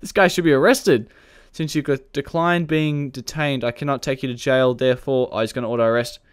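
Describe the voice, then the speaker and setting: Speaking at medium pitch with fairly even intonation, this man has a brisk pace and a clean tone. He's a gaming video creator narrating a police roleplay in a chatty way, cracking jokes, laughing a lot, and barking commands at suspects.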